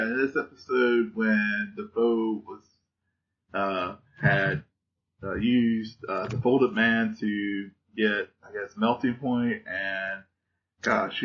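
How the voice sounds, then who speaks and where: Low-voiced hesitant man podcaster. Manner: hesitant, many fillers and restarts, laughs often. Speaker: podcast co-host. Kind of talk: casual chat reviewing TV shows. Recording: dull lo-fi audio.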